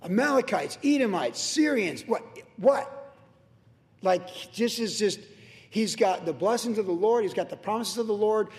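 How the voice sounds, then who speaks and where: A man preaching a sermon in an energetic, excitable way with chatty asides. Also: sits high, moderate pace. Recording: long hall reverb.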